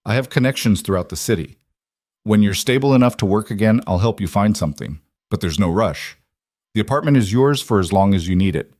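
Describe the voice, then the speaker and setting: A man with a low voice reading the lines of a calm, commanding protector in a firm, measured delivery, in a dry, close recording. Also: dry recording. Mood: steady.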